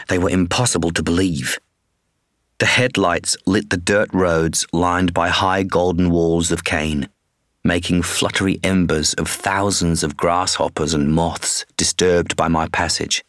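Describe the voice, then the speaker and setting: A man with a very low voice reads a first-person story in a measured, somber way. He is close to a studio mic. The sound is completely dry, with no room echo. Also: fairly bright tone. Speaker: audiobook narrator. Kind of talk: first-person scripted narration.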